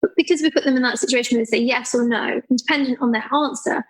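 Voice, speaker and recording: A woman with a fairly high, breathy, husky voice talks through her work in a casual interview. She tells stories with animation, slipping into the voices of the people she describes. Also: fast talker, rough recording. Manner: animated storyteller, acts out quoted people, laughs often. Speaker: guest artist.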